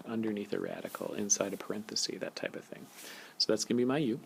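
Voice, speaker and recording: Gravelly low-voiced male math teacher. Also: fast, slight background noise. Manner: relaxed, jokey, talks while writing. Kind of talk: recorded calculus lecture. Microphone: tablet screencast mic.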